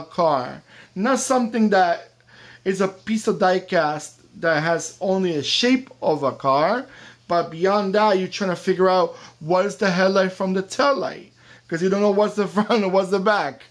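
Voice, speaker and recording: Chatty, joking diecast toy reviewer. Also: mid-range voice. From United States. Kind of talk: casual review vlog.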